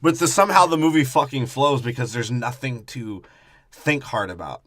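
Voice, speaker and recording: A man's voice: medium pitch, normal speed, a bit bright, dry recording. A young man co-hosting a crude comedy movie review podcast, rambling and mocking. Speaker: podcast co-host.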